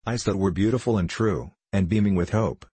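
A man narrating a classic novel at a steady, measured pace. His voice is deep and husky. The recording is dry and close. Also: dry recording.

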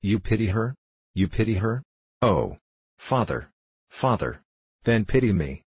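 A man's voice: on the low side, sing-song, a little slow, darkish tone, breathy edge, dry recording, exaggerated voice. A man reading the part of an anguished young novice monk, in an impassioned, faltering, pleading voice.

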